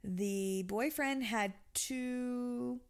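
A woman dog trainer chatting casually, telling stories with animated energy and jumping high in pitch when she quotes people. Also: extremely slow, clear, resonant tone. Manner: animated storytelling, jumps high when quoting. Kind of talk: casual podcast chat.

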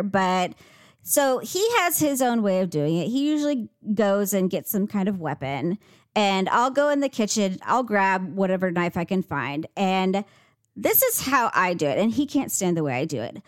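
A woman's voice: medium pitch, normal speed, dry recording. A woman co-hosting a casual chat, telling stories and acting out quotes with big jumps in her voice, swearing freely. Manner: animated storyteller, acts out quotes with big jumps in voice. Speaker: podcast co-host.

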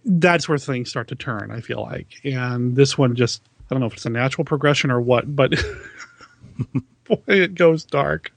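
A man co-hosting a podcast talks casually about films, laughing and poking fun at himself. His mid-range voice is creaky and moves at a moderate pace, with no echo.

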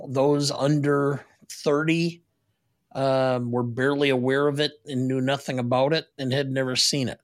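An older man co-hosting a film podcast, thinking aloud with many pauses and fillers as he gives a rating. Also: medium pitch. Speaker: podcast co-host. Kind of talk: casual film podcast chat.

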